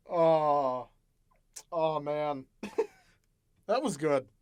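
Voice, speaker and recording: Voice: medium pitch, fairly bright tone. A podcast host from the South, chatting casually, easygoing and laughing often. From American South. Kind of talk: casual chat.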